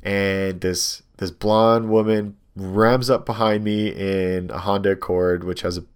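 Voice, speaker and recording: Low-voiced man telling a rambling story. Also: unhurried, smooth. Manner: rambling, animated storytelling with many ums and likes. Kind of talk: casual chat, telling a story.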